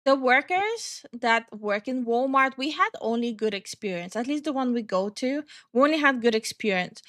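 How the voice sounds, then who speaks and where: A woman's voice: on the high side, a bit bright. A young woman streaming live from New Jersey, reading chat aloud, who stutters and swears freely while reacting to her viewers. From New Jersey, USA.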